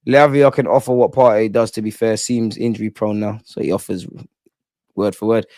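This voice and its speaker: A young man hosting a casual football live stream, slangy and animated, tagging lines with "man". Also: fairly low pitch, moderate pace, dry recording. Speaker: football channel host.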